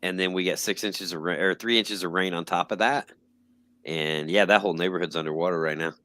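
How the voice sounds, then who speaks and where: A man's voice: low-pitched, fairly even intonation, fairly quick, pushed and bright. A man co-hosting a podcast, telling stories in casual conversation. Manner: storytelling, conversational. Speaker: podcast co-host. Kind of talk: casual chat.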